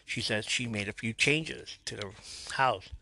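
A man's voice: fairly low pitch, a little slow, vocal fry, sharp tone. A man hosting a podcast, retelling a TV episode scene by scene in casual play-by-play and briefly voicing the characters. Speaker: podcast host recapping a TV episode. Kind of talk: casual recap narration.

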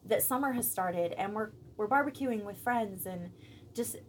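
A woman in her thirties, a church member talking about her faith in a thoughtful, searching way, pausing often to find her words. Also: medium pitch, slight background noise. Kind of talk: reflective faith conversation.

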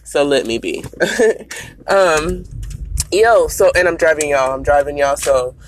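Raspy-voiced woman podcasting from her car. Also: low voice, lively intonation, slow pace, low-quality recording. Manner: chatty, addresses listeners directly as y'all. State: raspy early-morning voice. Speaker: podcast host. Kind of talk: casual solo podcast talk. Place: in her car while driving. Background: faint road and blinker noise.

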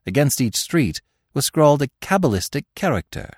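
A man narrating a classic tale in expressive, scripted storytelling style. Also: lowish voice, moderate pace, hardly any pauses, no echo, studio quality.

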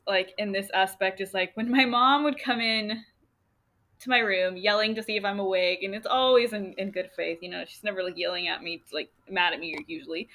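A woman's voice: mid-range voice, fairly bright tone. A young woman hosting a solo podcast, talking in a chatty, rambling way with lots of fillers and light laughter. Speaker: podcast host. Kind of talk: casual solo podcast talk.

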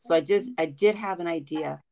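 A woman's voice: on the low side, brisk, darkish tone, poor audio. Mom host talking to her viewers, stops and restarts a lot, earnest. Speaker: channel host, mother. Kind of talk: casual chat to viewers.

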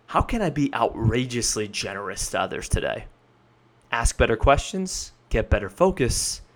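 A man hosting a motivational podcast, coaching listeners in an emphatic way, laying out numbered points and slowing down to stress key words. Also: fairly high pitch, fairly bright tone. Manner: emphatic, coaching, lists points and repeats them. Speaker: podcast host.

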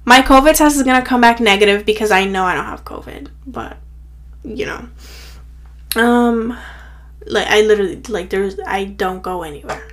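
A young woman with a medium-pitched, slightly bright voice speaks at normal speed while hosting her own podcast. It's a casual solo pep talk, chatty and rambling and heavy with "like," and she sounds a bit tired and out of breath.

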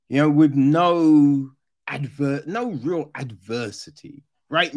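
A man talks through a film in a loose, profane review. His pitch swings widely and he takes his time. He often slips into mimicking characters. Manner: animated, swears often, mimics characters in a high voice. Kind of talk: casual film review monologue.

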